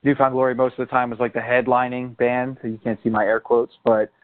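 A man's voice: mid-range voice, quick pace. A man from South Florida with a South Florida accent, chatting casually about bands he grew up seeing, laughing often. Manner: relaxed storyteller, laughs often. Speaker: podcast co-host. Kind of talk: casual chat about music. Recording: tinny phone-like line.

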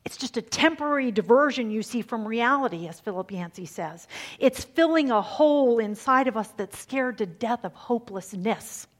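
Husky-voiced woman preaching with hushed emphasis. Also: on the high side, animated, moderate pace. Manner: dramatic, swings from hushed to emphatic. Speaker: speaker giving a faith talk. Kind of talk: sermon.

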